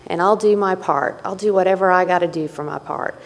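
Woman, earnest personal testimony, lowish voice, reverberant meeting hall. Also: brisk. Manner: candid and earnest, with repeated phrases and restarts. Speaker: recovery meeting speaker. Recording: echoey hall.

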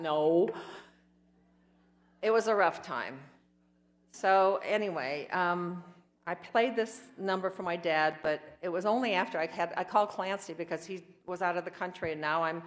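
A woman with a fairly low, creaky voice shares her personal recovery story at a meeting. She rambles emotionally and acts out the voices of people who spoke to her.

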